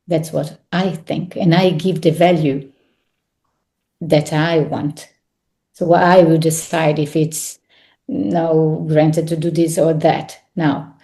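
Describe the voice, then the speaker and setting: A woman's voice: sits low, level tone, slow, mellow. A woman with an Italian accent, a guest on an interview podcast, speaking reflectively with hesitant, restarted phrases. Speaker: actress and guest.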